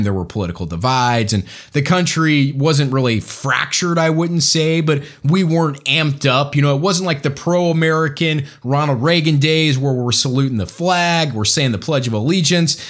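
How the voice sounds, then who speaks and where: Animated sarcastic man ranting. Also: mid-range voice. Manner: sarcastic, emphatic, jokey. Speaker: commentary host. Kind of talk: ranting political commentary.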